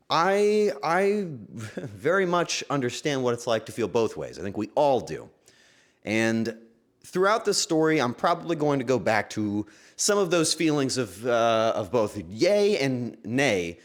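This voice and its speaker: A man streaming casually from home, talking to his chat in an emotional, halting way and breaking into sudden excited outbursts. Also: mid-range voice. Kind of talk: casual livestream chat to viewers.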